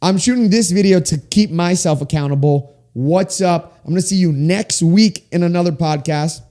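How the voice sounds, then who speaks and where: A man in his twenties hosting a faith-based solo podcast, talking with big swings up and down in pitch, in a small room with sound panels. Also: normal speed, dark tone. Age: 20s. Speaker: podcast host.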